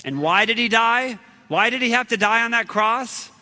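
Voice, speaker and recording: Male preacher, high lively voice, animated storyteller, long hall reverb. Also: moderate pace. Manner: animated, dramatic storytelling with sudden shouts. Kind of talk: storytelling sermon.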